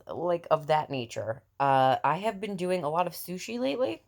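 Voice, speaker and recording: A woman in her thirties with a low, deep voice, chatting in a relaxed vlog. She rambles through her tips with plenty of fillers and easy laughter. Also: normal speed, creaky. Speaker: mother giving healthy-eating tips. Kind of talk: casual vlog chat.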